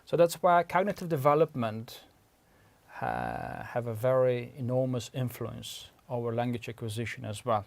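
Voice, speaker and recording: Man, Uzbek accent, gravelly voice, mid-pitched, lecturing, methodical, pauses to clarify terms. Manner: patient, methodical, stops often to clarify terms. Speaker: language researcher. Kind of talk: explanatory lecture.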